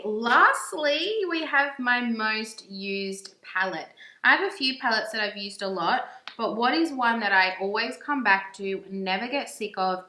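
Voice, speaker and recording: A woman's voice: medium pitch, bright, forceful tone. A young woman, chatting in a gushing, casual way as she reviews makeup in a vlog. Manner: gushing and chatty, with frequent "like" fillers. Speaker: beauty vlogger. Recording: echoey room.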